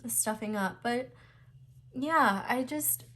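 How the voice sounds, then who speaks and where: A woman's voice: fairly high pitch, takes it slowly, a bit bright. A young woman giving a casual, reassuring tarot reading, talking earnestly with many fillers, her nose stuffed up and close to tears. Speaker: tarot reader.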